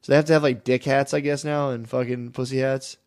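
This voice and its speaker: A man's voice: mid-range voice, level tone, fast. A man co-hosting a podcast, joking crudely and swearing in casual chat. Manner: profane, joking, drawling. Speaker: podcast co-host.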